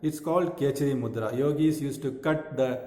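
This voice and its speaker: Leading his class through breathing, a male yoga teacher speaks slowly and mellowly in a mid-range voice. He repeats phrases and fills pauses as he instructs, and the roomy space gives his words a long echo.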